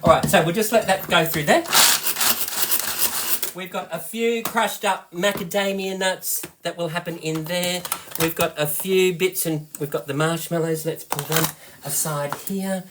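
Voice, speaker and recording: An Australian man hosting a live cooking demonstration, chatty and excitable, often giggling as he talks to viewers. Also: high-pitched, a little slow, heavy background noise. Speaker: host, product seller.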